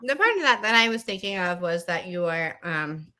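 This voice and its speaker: A woman's voice: lowish voice, sing-song, normal speed, bright, forceful tone. A woman co-hosting a casual podcast, reading tarot cards in a playful, giggly way, sometimes sliding into a put-on Midwestern mom accent. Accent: Midwestern American put-on. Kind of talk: casual chat.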